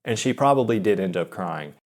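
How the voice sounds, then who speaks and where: A young man with a low voice tells a personal story as a confessional monologue. He rambles and halts, restarts his sentences, and keeps putting himself down. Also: lively intonation. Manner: rambling, halting, self-deprecating, many restarts and fillers.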